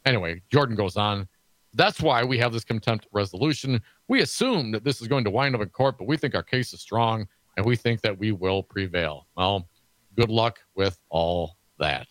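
A man's voice: fairly low pitch, animated, brisk, a bit bright, no echo, rough recording. A man co-hosting a political talk show, reading news items aloud with sarcastic asides. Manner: sarcastic asides between read quotes. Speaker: co-host.

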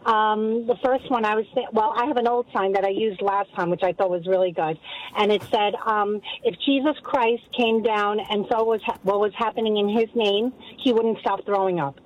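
A woman's voice: mid-range voice, moderate pace, dull audio, slight background noise. A woman with a New York accent calling in to a radio show, chatty and upbeat. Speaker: caller.

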